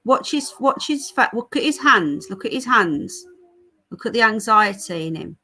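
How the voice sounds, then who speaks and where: A woman's voice: mid-range voice, expressive, moderate pace, pushed and bright. A woman from the United Kingdom is hosting a casual live stream from her home. She talks straight to her viewers in a chatty way and reads their comments aloud as they come in. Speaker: livestream host. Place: home with a child nearby.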